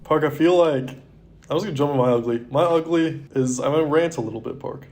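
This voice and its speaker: A man's voice: a little high, fast talker, darkish tone. Young man rambling with lots of "like". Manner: rambling, heavy use of "like" fillers. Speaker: podcast co-host. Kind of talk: casual chat.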